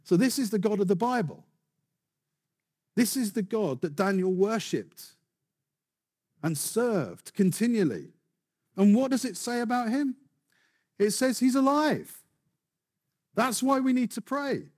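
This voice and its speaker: A male preacher delivering a sermon in a somewhat high, husky voice. His pitch swings widely as he presses his points with rhetorical questions and mounting emphasis. The delivery stays animated throughout. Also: moderate pace, long pauses.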